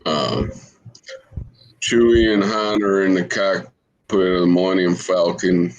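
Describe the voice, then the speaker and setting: Deep-voiced, slow-talking podcast host. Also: male voice, fairly even intonation, muffled recording. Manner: hesitant, with many fillers. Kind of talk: casual chat.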